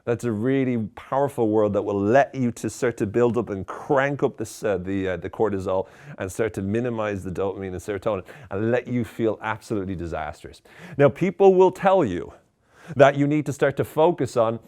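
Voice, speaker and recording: A man's voice: fairly low pitch, brisk, darkish tone. Man giving ironic self-help advice. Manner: mock-serious, ironic, conversational. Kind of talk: tongue-in-cheek advice monologue.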